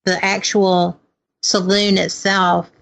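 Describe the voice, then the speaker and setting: A woman's voice: medium pitch, little pitch movement, takes it slowly, gravelly, fairly bright tone. A woman co-hosting a radio talk show, chatting casually with brief, supportive reactions. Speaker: co-host.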